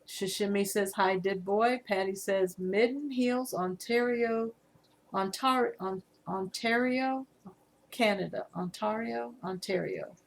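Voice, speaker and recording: A woman in her fifties from Virginia, USA, with a Southern US accent, hosts a live stream and casually chats while reading viewer comments aloud. Her voice is mid-range and creaky, and she speaks unhurriedly.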